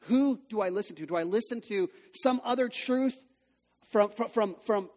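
A male pastor in his thirties delivers a sermon with a notably high voice, mixing personal stories with repeated rhetorical questions. His voice rings out with a long hall reverb, as if in a church auditorium. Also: normal speed, a little mellow. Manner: conversational storytelling with rhetorical questions.

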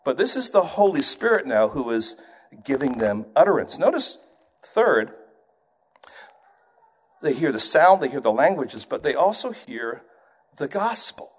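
Male preacher raised in England, higher-pitched voice, lively sermon delivery with playful put-on accents. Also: a little slow, long pauses, breathy edge. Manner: animated, puts on accents to illustrate points.

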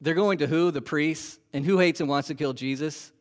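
Preaching as a pastor, this man is lively and keeps throwing rhetorical questions at the congregation. He talks at a normal speed in a fairly high voice.

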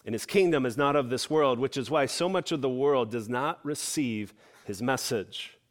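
A man's voice: medium pitch, moderate pace. Earnest middle-aged male preacher. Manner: earnest expository preaching, conversational asides. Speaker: pastor. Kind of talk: sermon.

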